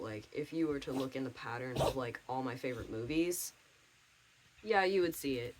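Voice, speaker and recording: A young man talks through a relaxed life-update vlog from home, wandering from thought to thought with plenty of fillers and false starts. His voice sits at a middling pitch, with a faint hiss underneath. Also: poor audio. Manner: rambling, many fillers and restarts. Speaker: vlogger.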